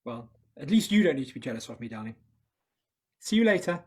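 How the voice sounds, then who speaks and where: A man playing a smooth, smug husband with a put-on British manner who calls everyone darling in a live improv comedy scene. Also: medium pitch, big pitch swings, a little fast, darkish tone. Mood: breezy. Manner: breezy, faux-British, says darling constantly. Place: live stage show.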